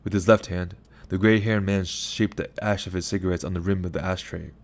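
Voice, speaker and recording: A man narrating a short story in an even, unhurried audiobook style. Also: sits low, creaky.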